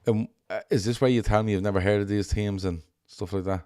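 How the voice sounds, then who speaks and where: Man, low voice, rambling casual talk, dry close sound. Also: fairly even intonation, fast, mellow, no room sound. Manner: rambling, many ums and restarts. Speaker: podcast co-host. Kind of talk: casual chat.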